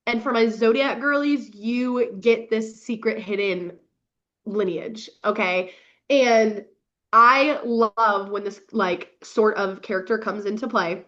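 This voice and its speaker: A young woman hosting a podcast and recapping books in casual chat, gushing and swearing with quick bursts of laughter. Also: medium pitch, fairly bright tone. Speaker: podcast host. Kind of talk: casual book review chat. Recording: dull lo-fi recording.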